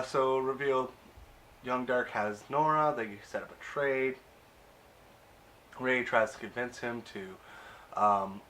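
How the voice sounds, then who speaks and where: A man's voice: on the low side, a bit bright, slight background noise. A man casually recapping and reviewing a TV episode, chatty and amused, with plenty of uh and um.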